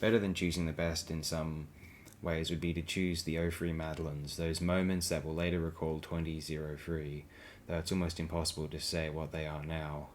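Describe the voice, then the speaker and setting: A man's voice: a bass voice, little pitch movement, normal speed, a little hiss or hum. A man reading blog posts aloud as an audiobook, with a dry, sardonic delivery. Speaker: audiobook reader.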